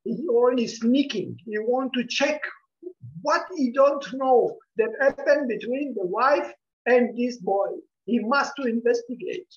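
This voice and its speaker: A woman giving a Dhamma talk in non-native English, telling a story and acting out the characters' lines. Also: unhurried. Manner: non-native English, acts out quoted characters with rising pitch. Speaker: Dhamma teacher. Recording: dull lo-fi sound.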